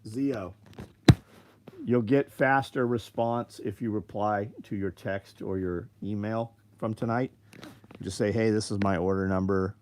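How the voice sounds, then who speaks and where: A man's voice: lowish voice, fairly even intonation, unhurried, slight background noise. A middle-aged man hosting a live stream, chatting loosely, reading viewer comments aloud and swearing freely. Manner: loose, profane, reads chat aloud. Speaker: livestream host. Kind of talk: casual livestream chat.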